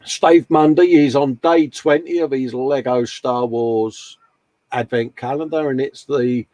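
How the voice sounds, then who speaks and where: A man's voice: medium pitch, fairly even intonation, unhurried, mellow, dry recording. A man hosting a casual live-stream chat, rambling and friendly, calling everyone mate. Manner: chatty, rambling, calls people mate. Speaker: host.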